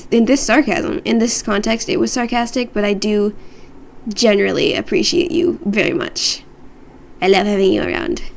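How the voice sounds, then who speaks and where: A woman's voice: on the high side, vocal fry, darkish tone. A woman streamer chatting casually with her viewers from her room, rambling and playful, often joking at her own expense. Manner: rambling, playful, self-deprecating.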